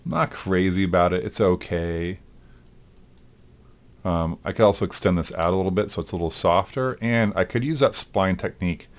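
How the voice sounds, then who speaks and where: A male animation instructor in a recorded lecture, talking through his work aloud in a relaxed way, with frequent ums. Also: sits low, moderate pace, a little hiss or hum. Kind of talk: recorded lecture demonstrating software.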